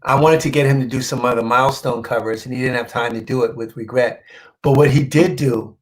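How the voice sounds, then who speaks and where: A male comic book artist telling a story in a casual interview, animated and acting out quoted dialogue, halting and repeating himself when moved. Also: medium pitch, low-quality recording.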